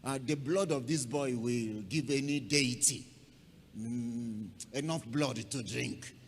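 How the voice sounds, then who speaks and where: A man's voice: mid-range voice, takes it slowly, voice pushed down. A man voicing a group of scheming adult brothers who coax their way through a rehearsed excuse. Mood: plotting. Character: Joseph's scheming adult brothers, speaking together. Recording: long reverberant hall, faint noise.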